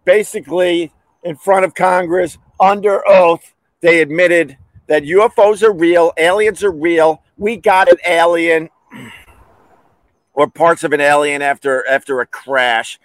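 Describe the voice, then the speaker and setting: A man hosting a casual comedic monologue, talking animatedly and breaking into shouted bits. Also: a little high, fairly even intonation, slow pace, no room sound. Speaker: host.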